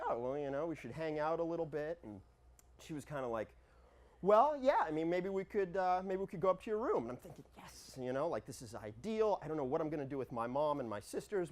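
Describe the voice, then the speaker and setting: Guy telling a funny story on stage, voice jumps all over, rambly and animated. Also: high-pitched. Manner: rambling, animated, quotes himself in lively voices. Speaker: improv storyteller. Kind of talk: comic storytelling monologue.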